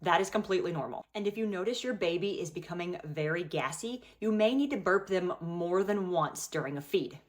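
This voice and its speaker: A woman talking calmly and patiently as a parent, mixing dry humor into everyday parenting skits and advice. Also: lowish voice, a little fast, few pauses. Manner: calm, patient, dryly wry. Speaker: parent content creator.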